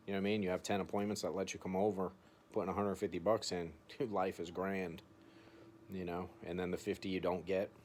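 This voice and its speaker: Low-voiced man coaching, chatty and relaxed. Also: a little hiss or hum. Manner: relaxed, chatty, role-plays phone calls, says "dude" often. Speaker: insurance sales coach. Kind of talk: casual coaching talk. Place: home, recording himself.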